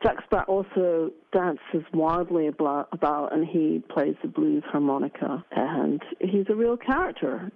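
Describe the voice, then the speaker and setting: A woman's voice: deep voice, creaky. Woman on tinny radio audio. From Scotland. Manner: thoughtful, with frequent pauses and fillers. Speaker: interview guest, drag king performer. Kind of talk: radio interview. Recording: narrow phone-like radio audio.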